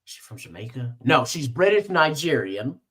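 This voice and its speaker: A man's voice: medium pitch, big pitch swings, normal speed, a bit bright, breathy edge. A man co-hosting a podcast, joking and filling in background facts in casual chat. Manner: joking, provocative. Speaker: podcast co-host.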